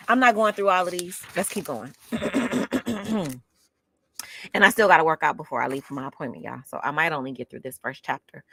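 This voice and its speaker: A woman reads from a self-help book, dropping sassy, chatty asides as she goes. Her voice sits a little low yet swings up and down a lot. It is recorded close and dry, with no room sound. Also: a bit bright, no echo. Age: 50s. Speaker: book club host reading aloud. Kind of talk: casual reading with commentary.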